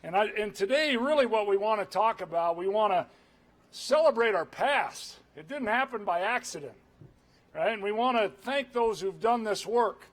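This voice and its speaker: A man, a governor, giving an energetic, conversational public address to a crowd. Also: high voice, normal speed.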